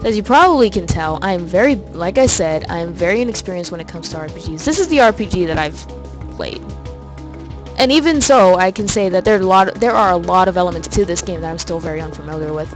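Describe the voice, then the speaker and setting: Direction: a low-voiced, chatty young woman with a New York accent. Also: expressive, fast, soft background music, rough recording. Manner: chatty, rambling, self-deprecating. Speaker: let's play host. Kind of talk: casual gameplay commentary.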